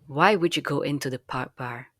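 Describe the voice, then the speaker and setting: A woman narrating a language lesson in a slow, careful, clearly enunciated teaching manner. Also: sits low, dry recording, clean studio sound.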